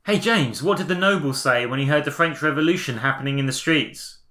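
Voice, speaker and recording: A man's voice: a little high, fairly quick, bright, forceful tone. A man co-hosting a casual chat with his child, telling puns and laughing at his own jokes. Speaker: podcast co-host, father.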